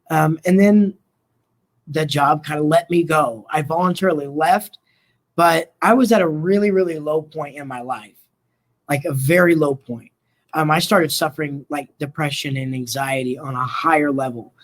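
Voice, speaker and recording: Speaking a little high, a middle-aged mental health worker with roots in Colorado and Oklahoma recounts his story while being interviewed. He rambles in an easygoing way and performs the quoted dialogue.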